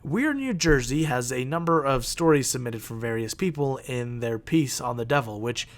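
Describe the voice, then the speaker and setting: A man's voice: mid-range voice, animated, normal speed. A man with a mid-range voice hosts a podcast and narrates spooky legends. He breaks off into banter with plenty of laughter and casual swearing. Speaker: podcast host.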